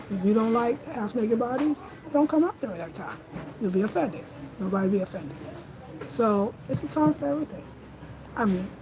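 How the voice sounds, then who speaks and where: A woman, telling stories in a casual, animated, slangy way and acting out quotes in a higher voice. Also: noisy background. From Brooklyn, New York. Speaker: host. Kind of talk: casual storytelling chat.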